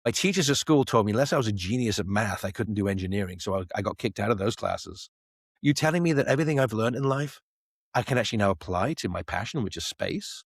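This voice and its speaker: This podcast guest, a middle-aged Manx man who runs a space company, spins lively stories and performs the dialogue of everyone he quotes. He speaks quickly in a lowish, husky voice, captured in clean studio sound with no room sound.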